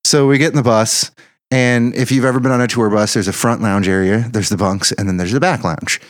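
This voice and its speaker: A man in casual conversation, telling a profane, animated story from his band's touring days. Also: lowish voice, a little fast, no echo, studio quality. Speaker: band member telling tour stories.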